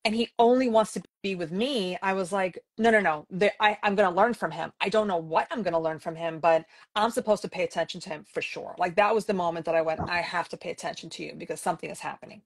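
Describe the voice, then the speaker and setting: A woman's voice: fairly low pitch, fast, hardly any pauses. A woman from New York City, a podcast co-host, telling stories casually and animatedly, often acting out what she said at the time. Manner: animated, acts out her own past remarks, frequent "like". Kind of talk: casual conversational storytelling.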